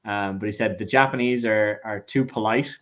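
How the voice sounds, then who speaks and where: A man's voice: on the low side, steady tone, normal speed, a bit bright. Chatty man hosting a whiskey tasting. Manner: chatty anecdotes, acts out quoted people. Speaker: whiskey tasting club host. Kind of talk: casual chat, livestream tasting. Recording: dull lo-fi sound.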